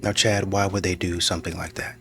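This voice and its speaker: A man with a very low voice gives dry, sardonic reaction commentary on comments from viewers. He sounds a little distant from the mic, with faint background music. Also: little pitch movement, fairly quick.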